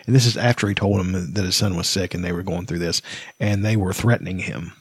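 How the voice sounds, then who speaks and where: A man's voice: low voice, steady tone, fast talker, slightly rough, dry recording. A man co-hosting a casual podcast who tells heated, profane stories about bad jobs. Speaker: podcast co-host. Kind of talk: casual chat.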